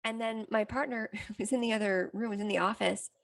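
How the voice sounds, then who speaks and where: Her voice sits a little high, brisk and fairly even in intonation, with vocal fry. This middle-aged woman, a psychotherapist with a self-help podcast, reflects openly on a personal story and keeps restarting it.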